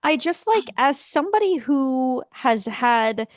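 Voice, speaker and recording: A woman's voice: sits high, animated, measured pace, dry recording, clean studio sound. A woman co-hosting a podcast in casual chat, emphatic and exasperated, swearing at times. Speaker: podcast co-host.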